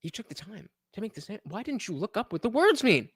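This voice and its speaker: Sarcastic New Jersey man, bright lively voice. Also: sits high, a little fast, gravelly, slightly rough, no room sound, clean studio sound. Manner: sarcastic, mocking, mimics others in put-on voices. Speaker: commentator reacting to a debate. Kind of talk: reaction commentary.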